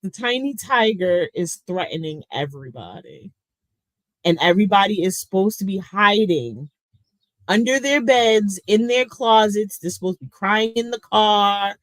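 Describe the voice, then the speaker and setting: Blunt, profane woman on a slow livestream. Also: medium pitch, lively intonation, dry recording, poor audio. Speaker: livestream commentary host. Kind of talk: casual livestream commentary, reading chat.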